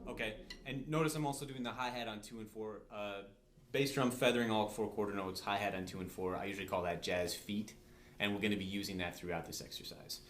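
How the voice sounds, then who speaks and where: A man's voice: fairly low pitch, fairly even intonation, fast. A man teaching drums step by step in a patient, conversational way, often checking in with "okay?". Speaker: drum teacher. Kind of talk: step-by-step instructional demonstration. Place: room with a drum set. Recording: echoey room.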